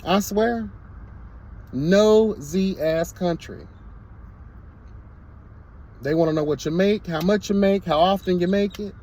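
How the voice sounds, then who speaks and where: A man's voice: high-pitched, takes it slowly, long pauses, a little mellow. A man vlogging his commentary in a sassy, emphatic rant, full of repeated exclamations. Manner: sassy, emphatic, repeats "girl" and "hello, God". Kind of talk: candid to-camera rant.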